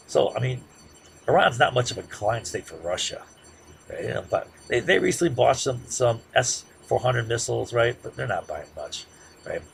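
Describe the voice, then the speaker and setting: A man giving a classroom lecture in a conversational way, often checking in with "right?" and growing loud and heated as he makes his points. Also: mid-range voice, big pitch swings, moderate pace, creaky, a little hiss or hum. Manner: conversational, peppers sentences with "right?"; gets loud and heated when making a point.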